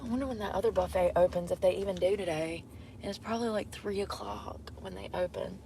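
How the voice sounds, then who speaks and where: A woman's voice: medium pitch, fast talker, warm tone, a little hiss or hum. A young woman vlogging from inside a car, rambling and complaining in a blunt, heavily profane way. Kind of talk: casual rambling monologue.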